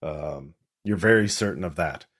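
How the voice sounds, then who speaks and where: A man narrating as game master in a tabletop game, relaxed, with many pauses and ums. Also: sits low, slightly rough.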